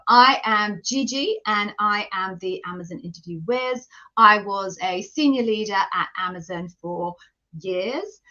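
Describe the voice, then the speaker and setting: British woman on a live stream, bright forceful voice, kinda dull lo-fi sound, chatty and self-deprecating. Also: mid-range voice. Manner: chatty, greets viewers by name, self-deprecating. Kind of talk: casual live-stream chat and self-introduction.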